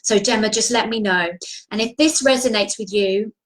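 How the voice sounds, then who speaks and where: A woman's voice: medium pitch, normal speed, low-quality recording. A woman coaching viewers on a live video stream, talking earnestly and encouragingly, often restarting her sentences. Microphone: video call.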